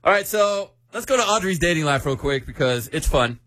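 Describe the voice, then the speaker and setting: A man's voice: fairly high pitch, expressive, fairly bright tone, no echo. A middle-aged man hosting a show, telling stories and steering the segment in casual banter. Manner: leads the segment, quick storytelling. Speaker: radio show host.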